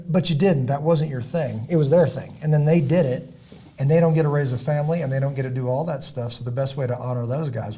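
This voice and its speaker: Husky, emphatic middle-aged man preaching. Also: fairly quick. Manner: emphatic, repetitive, builds to loud peaks then drops low; clears throat often. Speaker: podcast host and former Navy SEAL. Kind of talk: casual podcast talk, preachy and motivational.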